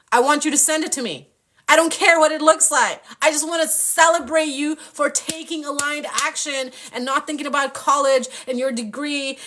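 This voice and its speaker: A woman's voice: high-pitched, a bit bright. A young adult woman hosting a spiritual live stream with tarot readings, talking passionately and casually, swearing often and acting out playful impressions.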